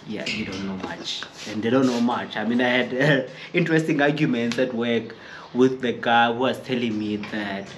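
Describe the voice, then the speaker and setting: A man's voice: mid-range voice, steady tone, normal speed, a little hiss or hum. A young South African man with a South African accent, vlogging in a rambling, hesitant storytelling style with many repeated words. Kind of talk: casual storytelling to camera.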